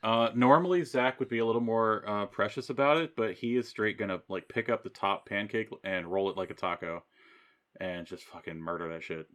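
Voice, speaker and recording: A man's voice: on the low side, a little fast, fairly bright tone. A man with a Southern US accent, playing in a tabletop game and joking in a wry, profane, mock-grumbling way. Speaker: player. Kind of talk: casual tabletop role-play chat.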